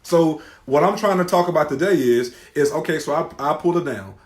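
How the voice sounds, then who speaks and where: A middle-aged man co-hosting a faith talk show, loud and animated, preaching in casual talk. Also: fairly high pitch, a little fast. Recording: roomy echo.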